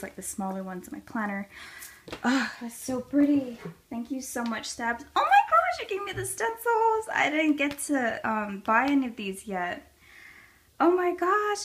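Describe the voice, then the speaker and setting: A young woman chatting casually as she opens a package of handmade craft gifts, gushing and gasping with delight, her voice going a bit hoarse. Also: medium pitch. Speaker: craft vlogger. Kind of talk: casual unboxing chat.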